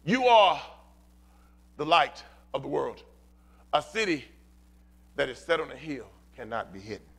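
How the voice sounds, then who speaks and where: A man's voice: on the high side, sing-song, measured pace, vocal fry, pauses often, fairly bright tone, breathy edge. A pastor preaching a sermon in a church, building rhythmic repeated refrains and calling out to his congregation. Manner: impassioned preaching with rhythmic repetition and calls to the congregation.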